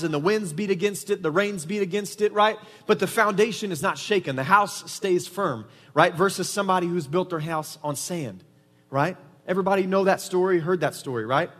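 Man, pastor, sermon, high voice, animated preaching, reverberant church hall. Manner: animated preaching, frequent "right?" tags.

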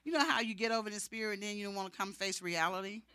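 A woman preacher telling a personal testimony in a sermon, animated and acting out the dialogue. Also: mid-range voice, very fast, smooth, no room sound.

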